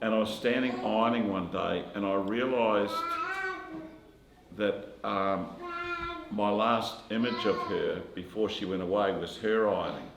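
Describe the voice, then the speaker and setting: A man telling a family memory in casual storytelling, soft-spoken and hesitant. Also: on the low side, unhurried, vocal fry, roomy sound, background noise.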